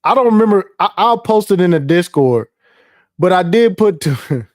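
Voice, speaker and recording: A man's voice: high voice, lively intonation, normal speed, dry recording, studio quality. Profane, rambling male livestream host. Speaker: live stream host. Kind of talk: casual livestream commentary.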